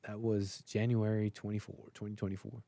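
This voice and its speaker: A man's voice: on the low side, flat delivery, brisk, vocal fry, dark tone, dry recording, studio quality. A male talk show host casually reading an article aloud and breaking off for sarcastic, mocking asides, with frequent chuckles.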